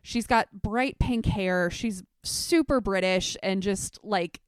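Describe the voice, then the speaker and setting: Candid young woman host, smooth voice, dry close mic, reflective and chatty. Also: mid-range voice, slow, dry recording. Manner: candid, reflective, with frequent fillers. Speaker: podcast host; teacher. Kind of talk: casual solo podcast talk.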